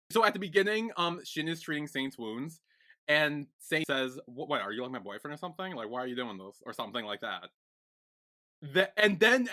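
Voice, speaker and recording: A man co-hosting a podcast, recapping a TV series in casual chat, rambling and excitable with lots of fillers. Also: on the high side. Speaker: podcast co-host.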